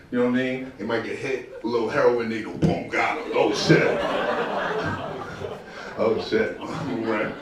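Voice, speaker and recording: A male stand-up comedian doing a club set, loud and animated as he acts out people. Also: medium pitch. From New York.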